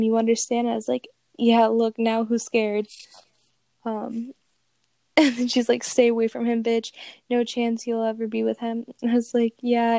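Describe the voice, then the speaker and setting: A woman's voice: a little high, creaky, mellow, no room sound. A young woman casually telling a profane, amused story and reading out chat messages aloud. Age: young adult.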